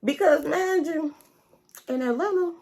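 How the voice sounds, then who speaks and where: A woman vlogger telling a story in a casual, animated, slangy and profane way. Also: high-pitched, slow, noisy background.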